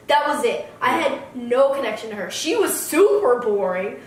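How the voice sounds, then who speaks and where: A woman with a voice that sits high co-hosts a casual movie review podcast, speaking at a quick pace with few pauses. She's blunt and opinionated, breaking into animated mock voices. Slight background noise, an echoey room and a distant mic mark the recording.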